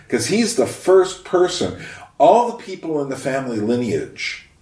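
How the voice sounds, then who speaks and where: A man of middle pitch muses aloud in a casual history monologue, often pausing to find his words. He sits some way from the microphone, and the room around him rings with echo. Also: sing-song, a little mellow. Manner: musing, thinks aloud with frequent pauses. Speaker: history vlogger. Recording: roomy echo, mic at a distance.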